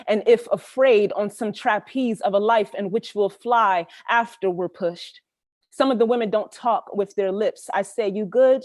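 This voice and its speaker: A poet from Camden, New Jersey, with a New Jersey accent, reading her spoken-word poems over a video call. She moves between rhythmic, emphatic verse and relaxed, halting chat. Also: mid-range voice, dry recording, clean studio sound. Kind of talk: spoken-word poetry reading with casual asides.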